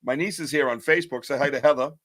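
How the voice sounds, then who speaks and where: A man hosts a casual live podcast, talking in loose slang with plenty of jokes and asides. His voice sits at a middle pitch and comes across close and dry, with no room sound. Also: very fast, fairly bright tone, no room sound. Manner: loose, joking, rambling with slang. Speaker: podcast host. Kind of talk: casual live-stream chat.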